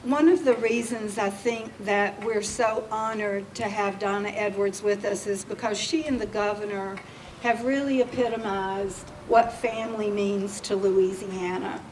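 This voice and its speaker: A woman's voice: medium pitch, fairly even intonation, a little slow. A woman, speaking as an agency official at a public reception. She talks in a heartfelt, emotional way while presenting awards. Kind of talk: public speech at an event. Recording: distant mic with faint background noise.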